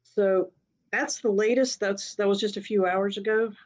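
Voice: medium pitch, steady tone, normal speed. A speaker telling a personal story in a casual, rambling way, often breaking into laughter. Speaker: storyteller sharing a personal experience.

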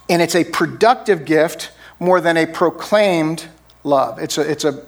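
A middle-aged man preaching a sermon as pastor, in a conversational way, often checking in with "right?". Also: on the high side. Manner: conversational, frequent "right?" tag questions.

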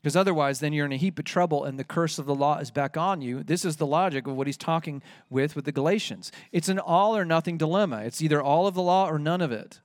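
Man, pastor, sermon, high voice, dry close sound, emphatic on scripture. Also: fast, few pauses, dry recording. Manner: emphatic preaching, rising on quoted scripture.

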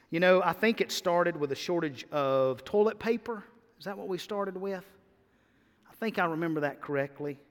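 High-voiced man preaching in a reverberant hall. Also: moderate pace. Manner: energetic preaching, rising to emphatic peaks and dropping to quiet asides. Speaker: pastor. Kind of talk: sermon.

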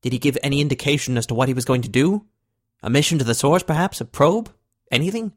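Man voicing an excitable, impatient president. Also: mid-range voice, normal speed, lightly acted. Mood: excited. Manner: eager, pressing questions.

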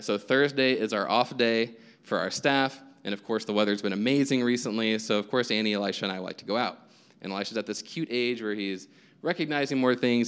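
A man's voice: fairly low pitch, smooth. A young man preaching a casual, conversational sermon as pastor, telling stories with self-deprecating humor.

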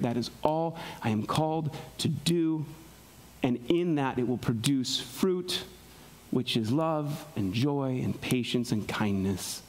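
A man preaching a sermon in a conversational way, often checking in with "right?", moving between soft low asides and raised, emphatic passages. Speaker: pastor.

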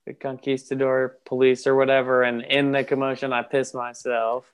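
A man's voice: mid-range voice, monotone, normal speed, smooth. A man casually improvising an absurd comic story with a friend on a podcast. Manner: improvises absurd stories, acts out quoted voices. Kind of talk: casual comedic riffing.

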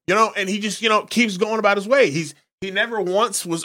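A man's voice: high-pitched, a little fast, few pauses, pushed and bright. A man in casual crude chat, telling loose stories and acting out what people said. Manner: loose storytelling, acts out quotes. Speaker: podcast co-host.

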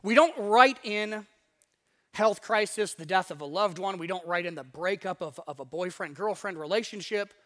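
A man preaching a sermon in a conversational way, acting out inner voices, with wide swings in loudness. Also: high-pitched, normal speed. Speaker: pastor.

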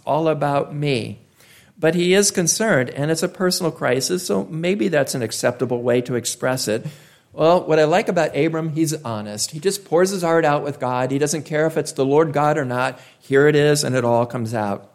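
Preacher, male, emphatic sermon delivery, repeats lines for weight, slow deliberate pauses. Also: on the high side, lively intonation. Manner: emphatic, repeats key phrases, drawn-out pauses.

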